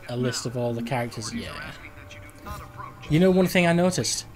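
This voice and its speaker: A man casually narrating his own video game play, musing aloud and rambling. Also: mid-range voice. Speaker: gaming video host. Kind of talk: casual let's play commentary.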